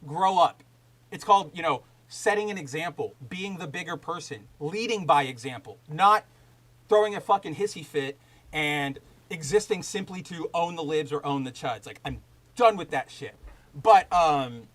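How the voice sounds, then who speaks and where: A man's voice: fairly high pitch, poor audio. A man hosting a podcast, talking in a casual, rambling way and ranting with plenty of swearing. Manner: animated, profane ranting; loose, rambling with fillers and restarts. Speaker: podcast host. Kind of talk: casual chat with live chat.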